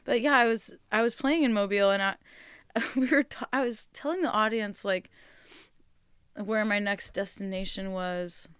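A woman musician chatting in an interview, her voice smooth and very clear. She tells animated stories, laughs often, and sounds close to the mic in a dry space. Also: medium pitch, normal speed, no echo. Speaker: musician guest. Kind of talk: casual interview chat.

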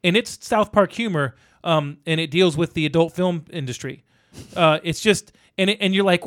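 A middle-aged podcast co-host rambles through casual chat, looping back, restarting sentences, and using lots of fillers. His expressive voice is a little high for a man and fairly bright, at normal speed, recorded dry and close with no room sound.

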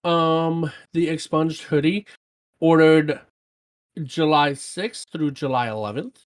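A co-host on a casual gaming stream, reading out chat messages and news in an excitable way. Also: mid-range voice, slow. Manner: animated, excitable, reads items aloud.

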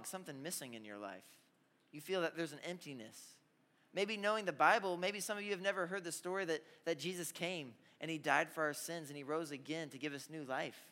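A young man preaching a youth sermon, telling stories with lively asides and calling out to the audience. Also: a little high. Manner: energetic storytelling with audience call-outs. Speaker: youth pastor. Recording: hall reverb.

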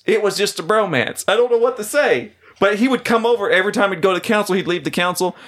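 A man tells a story on a podcast, keeping it loose and casual. He laughs often as he goes and acts out the people he quotes in a lower, muttered voice. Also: animated, fast, hardly any pauses, fairly bright tone. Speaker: podcast co-host.

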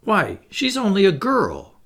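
A man's voice: high voice, huge pitch swings, extremely slow, slightly rough, voice pushed up, full character voice. A man voicing a proud older boy, incredulous and scornful.

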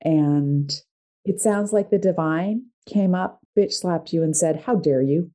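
Enthusiastic mellow-voiced woman podcast host. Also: lowish voice, slow. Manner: enthusiastic and expressive, reflective. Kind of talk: casual conversational podcast talk.

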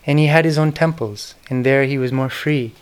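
Middle-aged man, earnest devotional lecturer, smooth clear voice. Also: medium pitch, normal speed. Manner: earnest, devotional storytelling with soft, whispered quoted names. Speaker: speaker giving a talk on spiritual history. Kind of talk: reflective spoken lecture.

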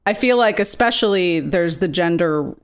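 A woman co-hosting a podcast in casual chat, giving quick reactions and frank, reflective comments. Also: lowish voice, animated. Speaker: podcast co-host.

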